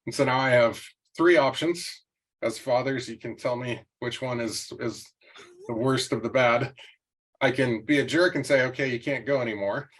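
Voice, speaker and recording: Chatty, joking podcast host. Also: male voice, medium pitch, normal speed, rough recording. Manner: chatty, jokey storyteller. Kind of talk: casual interview chat and anecdote.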